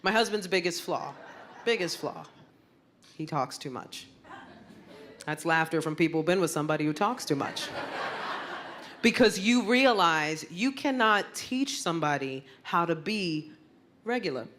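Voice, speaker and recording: A woman comedian doing a stand-up set, brash and animated, landing blunt punchlines. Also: on the low side, a little slow, long pauses. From Puerto Rican heritage. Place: comedy stage before a crowd. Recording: live club with loud audience laughter and noise.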